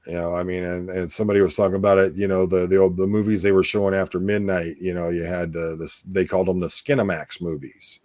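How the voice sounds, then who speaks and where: Deep-voiced rambling male host. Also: little pitch movement, quick pace, few pauses, a little mellow, no room sound, clean studio sound. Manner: rambling, with many fillers and restarts. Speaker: podcast host. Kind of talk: casual chat.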